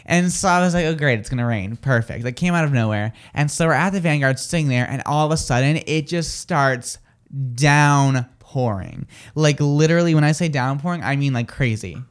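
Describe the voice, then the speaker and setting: A New Jersey man co-hosts a live radio talk show, chatting casually and telling stories in a rambling way packed with fillers and restarts. His voice is on the high side, smooth, at normal speed.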